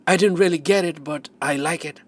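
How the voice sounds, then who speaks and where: A man's voice: a little high, brisk, pitched above the performer's own voice, lightly acted. A man reading an audiobook, voicing an eager, polite teenage boy at a soda fountain.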